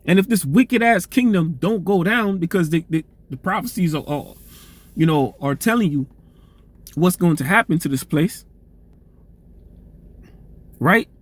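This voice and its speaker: A man with a high, animated voice preaches informally and reads scripture aloud, speaking a little slowly with long pauses. His style is loose, profane street talk, tagging phrases with "man" and restarting words as his voice grows strained.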